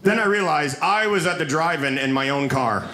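A man doing a stand-up comedy set on a club stage, telling stories with animated delivery and high shouted quotes. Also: moderate pace, reverberant, heavy background noise. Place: comedy club stage before a live audience.

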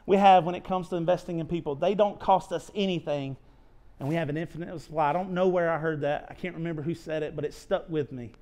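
A pastor preaches to his church in a fairly high voice for a man. He talks earnestly and confessionally, in a sermon style. He often stumbles and restarts, repeating words as he goes. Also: fast, a little mellow. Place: church sanctuary.

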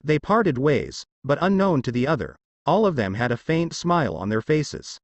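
A man narrating a fanfiction story in a steady, expressive scripted reading. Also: on the high side, normal speed, hardly any pauses, no echo, dull audio.

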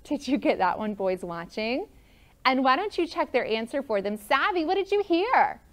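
A woman's voice: high-pitched, sing-song, normal speed. A woman teaching a first grade classroom lesson, upbeat and encouraging as she calls on pupils by name. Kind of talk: classroom lesson for students and viewers.

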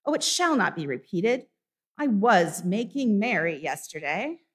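Brief: woman reading as a timid, begging clerk, voice lifted high with worry. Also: very animated, a little slow, breathy edge. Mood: pleading. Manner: pleading, raised pitch. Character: timid apologetic male clerk.

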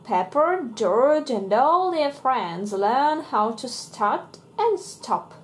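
A woman whose first language is Russian reads a children's picture book aloud. She speaks slowly and expressively, with a lively pitch that sits a little high. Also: a little hiss or hum. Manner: slow and expressive. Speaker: English teacher reading to children.

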